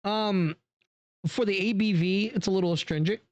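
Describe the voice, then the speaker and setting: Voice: mid-range voice, normal speed, no echo, muffled recording. Chatty, dry-voiced wine reviewer. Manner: chatty and relaxed, many fillers, talks straight to viewers. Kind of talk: casual wine tasting review.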